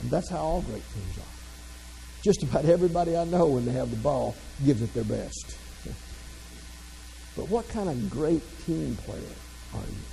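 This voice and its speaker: A man's voice: a little high, lively intonation, normal speed, gravelly, pauses often, warm tone, in a large hall, slight background noise, poor audio. A man from the American South, giving a motivational keynote full of folksy, self-deprecating humor. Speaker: motivational speaker.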